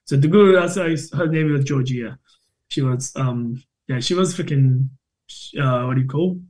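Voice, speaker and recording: A man in his thirties from India, a podcast guest telling a lively, sweary story about his trainer course. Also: mid-range voice, moderate pace. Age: 30s. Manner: animated, swears freely, acts out both sides of quoted arguments. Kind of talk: casual interview storytelling.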